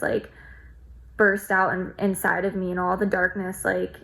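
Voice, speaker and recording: A woman's voice: lowish voice, steady tone, normal speed, gravelly, low-quality recording. A woman vlogger sharing a personal experience in a reflective, heartfelt way, with lots of "like" fillers. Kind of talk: personal storytelling to camera.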